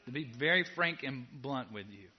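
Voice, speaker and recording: A man preaching a sermon to a congregation in a casual, direct way, moving between quiet asides and loud emphatic peaks. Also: mid-range voice, lively intonation, moderate pace, husky. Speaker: pastor. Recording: dull lo-fi sound.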